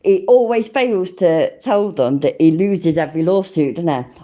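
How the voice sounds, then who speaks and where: A woman in her forties chatting casually on a livestream, reading chat out, swearing a lot and exclaiming loudly. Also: fairly low pitch, moderate pace, few pauses. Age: 40s. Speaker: livestream host.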